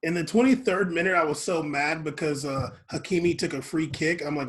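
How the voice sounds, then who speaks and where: A man's voice: a little high, brisk, fairly bright tone. A man co-hosting a casual chat podcast, laid-back and full of fillers. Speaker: podcast co-host.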